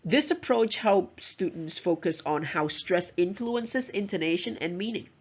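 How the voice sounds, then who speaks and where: A woman's voice: fairly low pitch, expressive, measured pace, a little mellow, slightly rough. A woman giving a recorded lecture on teaching pronunciation, explaining step by step and often checking in with "right?" and "you know". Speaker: teacher trainer. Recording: dull lo-fi recording.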